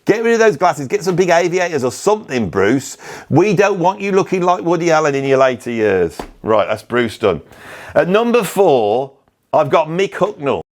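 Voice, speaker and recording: A man's voice: fairly high pitch, big pitch swings, normal speed. Sarcastic British man ranting. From Britain. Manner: sarcastic, opinionated, grumbling. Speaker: musician and video host. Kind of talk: comic ranting monologue.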